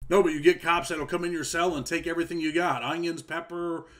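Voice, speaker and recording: A man's voice: fairly high pitch, fairly even intonation, fairly quick, fairly bright tone. A man hosting an interview, a former prisoner who talks in street slang and keeps asking leading questions that end in "right?". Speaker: podcast host, former prisoner. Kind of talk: casual interview chat.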